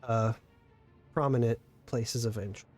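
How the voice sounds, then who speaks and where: A man acting as game master, narrating and explaining slowly with many pauses and fillers. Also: mid-range voice, fairly even intonation, darkish tone, faint music behind. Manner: slow and halting, many ums.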